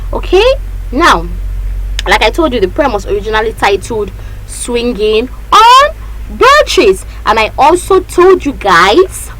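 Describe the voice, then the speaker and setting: A woman teaching a literature lesson, lively and repetitive, often checking that her students understand. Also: on the high side, slight background noise, poor audio.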